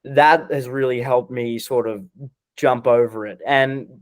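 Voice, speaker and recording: Being coached as a podcast guest, a man in his twenties works through a personal struggle with frequent false starts and hesitation. He speaks unhurriedly in a steady, mid-range voice, and the recording is dry.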